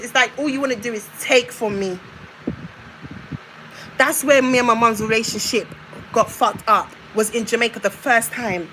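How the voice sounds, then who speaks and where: A woman's voice: fairly high pitch, moderate pace, pauses often, pushed and bright, a little hiss or hum, rough recording. A young woman on a live stream, ranting in a confrontational way and hammering her points home with repetition. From United Kingdom. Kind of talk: heated live-stream rant.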